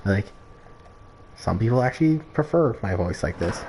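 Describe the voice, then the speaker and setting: A man's voice: fairly low pitch, lively intonation, normal speed, a crowd in the background. A man streaming a video game, chatting casually and rambling with lots of "like" and restarts. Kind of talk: casual gameplay stream chat.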